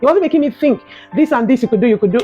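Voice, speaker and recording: Fast-talking Nigerian woman vlogger. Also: on the high side, lo-fi sound, soft background music. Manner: emotional, animated retelling with prayerful exhortation. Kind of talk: personal storytelling and encouragement.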